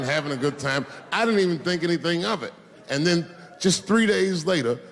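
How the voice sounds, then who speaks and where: Animated male stand-up comic, lively pitch. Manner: animated, profane, puts on voices for quoted people. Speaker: stand-up comedian. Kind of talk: stand-up storytelling. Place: large theater stage before a live audience. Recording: reverberant hall with loud crowd laughter. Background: audience laughter.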